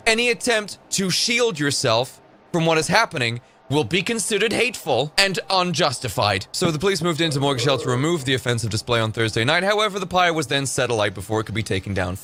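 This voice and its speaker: A male online commentator reads news stories aloud and breaks in with sarcastic, mocking asides. His voice is bright and edged. He often jumps up into loud, high exclamations. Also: a little hiss or hum. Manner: sarcastic, mocking, swings into high shouted bits.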